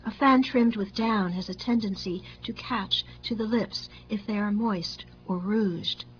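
A woman narrating a literary story in a measured, wry and deliberate way. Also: mid-range voice, highs cut off.

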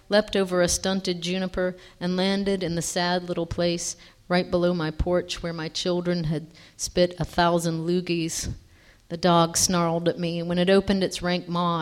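A woman reading a first-person story aloud in a fairly low voice. She reads expressively and stops now and then to correct a word. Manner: expressive, with small self-corrections.

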